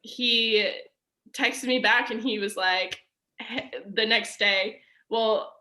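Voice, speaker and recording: A woman's voice: a little high, fairly even intonation, slow, pushed and bright. A young woman telling a personal story as a podcast guest, chatty and casual, full of "like" and fillers. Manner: chatty, filler-heavy with frequent "like" and laughs.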